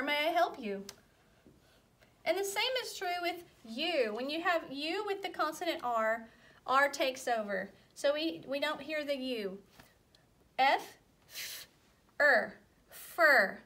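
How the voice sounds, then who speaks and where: Woman, young adult, teacher, phonics lesson for kids, high bright voice, slow careful sounding-out, encouraging. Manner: slow, clearly drawn-out sounding of letters; gentle, encouraging teacher talk.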